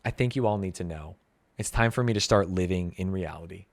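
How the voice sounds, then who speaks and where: A man's voice: high voice, very animated, brisk, fairly bright tone, faint music behind. An American man reacting to video clips on a stream, joking, swearing and ranting in exaggerated bursts. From United States. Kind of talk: casual reaction commentary.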